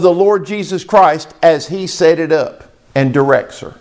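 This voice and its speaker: A man preaching a sermon as pastor, slow and emphatic, asking the congregation questions. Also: sits high.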